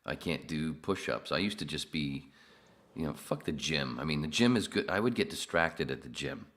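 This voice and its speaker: Man, extremely low voice, animated pitch, laid-back, rambling, casual podcast host. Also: moderate pace.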